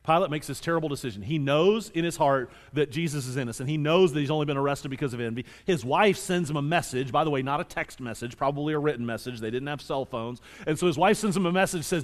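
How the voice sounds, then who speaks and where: A male pastor preaching a sermon with animated delivery, moving between loud emphasis and quiet scripture reading. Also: fairly high pitch, fast, hardly any pauses, in a large hall.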